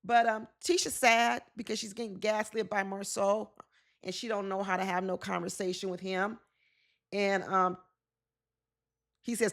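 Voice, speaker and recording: A woman talks through a reality show episode in casual, opinionated commentary. Her voice has a gravelly, creaky texture at a middle pitch. She often slips into the words of the people she discusses. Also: flat delivery, unhurried, long pauses, fairly bright tone. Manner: opinionated, acts out quotes of cast members.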